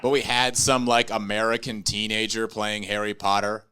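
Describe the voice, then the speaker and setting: A man's voice: on the low side, flat delivery, normal speed, bright, forceful tone, clean tone. A young adult man doing stand-up comedy with a dry, ironic delivery.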